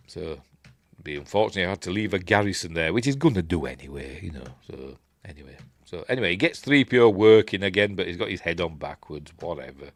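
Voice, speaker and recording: A man's voice: low voice, animated, fast talker, no echo. A Yorkshire man talking casually about a film as its reviewer, rambling and correcting himself with chuckles and asides. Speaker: film reviewer, channel host.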